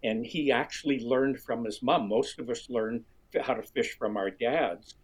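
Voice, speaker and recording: A middle-aged man with a husky voice, telling a lively story as an interview guest, often restarting his sentences. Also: moderate pace, low-quality recording. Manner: animated storyteller, restarts often, jumps high when quoting others. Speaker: guest, fishing writer. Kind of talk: storytelling conversation.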